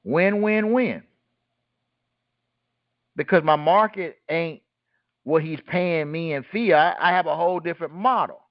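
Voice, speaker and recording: A man's voice: fairly high pitch, unhurried, long pauses, no room sound, dull audio. A man hosting a call and teaching in a casual, blunt way, throwing rhetorical questions at his listeners and answering them himself. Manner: blunt and colloquial. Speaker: host teaching a group call.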